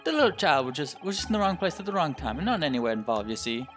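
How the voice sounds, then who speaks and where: A man's voice: fairly high pitch, very animated, fairly bright tone, faint music behind. A man doing a nervous put-on Scottish witness. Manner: halting, repeats words, rustic old-fashioned turns of phrase. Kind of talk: game voice-acting playthrough.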